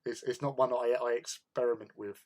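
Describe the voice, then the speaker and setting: A man's voice: medium pitch, fairly even intonation, brisk. A man hosting a hobby livestream, chatting casually with viewers in a rambling way and laughing often.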